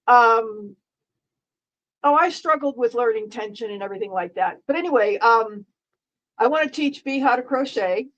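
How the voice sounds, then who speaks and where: A middle-aged woman talks to her live-stream viewers in a loose, rambling way. Her voice sits a little high. She restarts her sentences often and keeps a dry, sarcastic edge. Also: expressive, moderate pace, fairly bright tone, dull audio. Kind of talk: casual live-stream chat.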